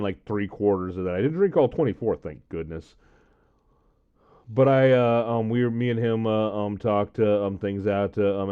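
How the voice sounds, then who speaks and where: Man, low voice, smooth tone, rambling storyteller, lots of fillers, dull lo-fi recording. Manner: rambling, many fillers, quoting friends in his own voice. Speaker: vlogger. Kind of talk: casual storytelling to camera.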